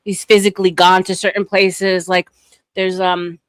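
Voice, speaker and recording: Rambling livestream host. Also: female voice, fairly low pitch, level tone, normal speed, no echo. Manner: rambling, filler-heavy, laughs often. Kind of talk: casual livestream chat.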